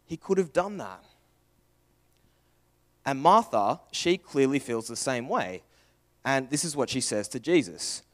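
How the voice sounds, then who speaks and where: Young aussie guy preaching, earnest, goes loud then hushed and soft, asks lots of questions. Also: medium pitch. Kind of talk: sermon.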